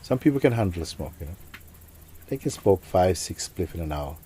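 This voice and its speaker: A man, a spiritual teacher, telling a story to listeners in a reflective, soft-spoken way that often sinks almost to a whisper. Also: deep voice, sing-song, fairly quick, a little hiss or hum.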